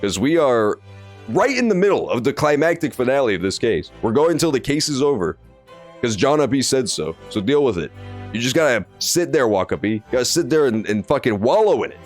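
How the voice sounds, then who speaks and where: A man streaming a game, talking excitedly and profanely and mock-scolding his chat. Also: mid-range voice, a little fast, faint music behind. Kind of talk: let's play commentary.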